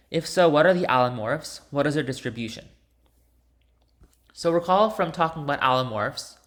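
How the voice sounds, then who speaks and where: A man's voice: fairly high pitch, sharp tone. A man teaching linguistics, walking through a homework solution step by step in a recorded lecture, with some fillers and restarts. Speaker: linguistics instructor.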